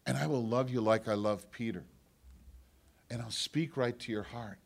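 A man preaching a sermon, moving between loud, impassioned lines and hushed, near-whispered quotes of God speaking. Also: mid-range voice, normal speed, creaky. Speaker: pastor.

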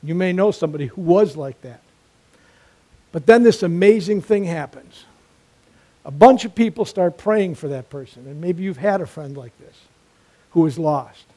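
A man's voice: a little high, expressive, moderate pace, dark tone. A man preaching a sermon, emphatic and repetitive, weaving in a joke.

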